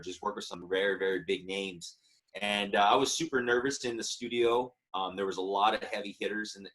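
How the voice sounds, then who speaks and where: A man's voice: deep voice, fairly bright tone. A man in his thirties, a musician guest telling a story in a casual interview, chatty and earnest. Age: 30s.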